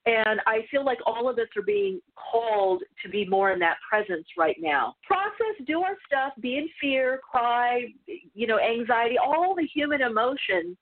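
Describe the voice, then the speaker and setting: A woman's voice: on the high side, lively intonation, normal speed. A woman spiritual teacher telling a story in a casual, rambling way, full of asides and restarts. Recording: tinny phone-like line.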